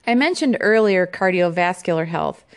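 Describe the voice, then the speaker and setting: A woman with a somewhat low voice hosts an informational podcast. She reads her segment from notes, with small fillers and restarts along the way. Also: animated, moderate pace, clear, resonant tone. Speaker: podcast host.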